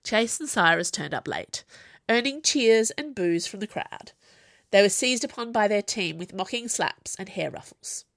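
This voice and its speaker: A woman reads a novel aloud in scripted narration, measured and even. Her voice sits at a middle pitch. The recording is dry and close. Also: vocal fry, dry recording. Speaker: audiobook narrator.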